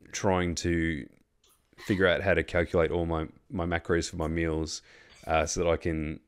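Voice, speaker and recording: Low-voiced Australian man, rambling story. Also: clean tone. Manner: rambling, many fillers and restarts, swears freely. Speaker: host. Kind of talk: casual storytelling chat.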